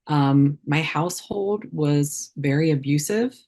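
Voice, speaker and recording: A woman's voice: sits low, takes it slowly, warm tone. A woman guest on a podcast, a puppeteer, chatting casually with many fillers and restarts. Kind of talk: casual interview chat.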